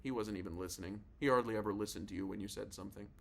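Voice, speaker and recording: A man's voice: fairly low pitch, very fast, vocal fry, fairly bright tone. A male narrator giving a casual, confiding first-person reading of a novel. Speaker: audiobook narrator.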